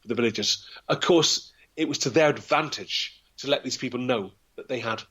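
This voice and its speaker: A man's voice: mid-range voice, normal speed, bright, forceful tone, breathy edge. A man telling a historical tale in a dramatic, theatrical way, acting out the voices. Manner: theatrical, vivid, acts out voices. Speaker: local historian storyteller. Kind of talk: dramatic storytelling.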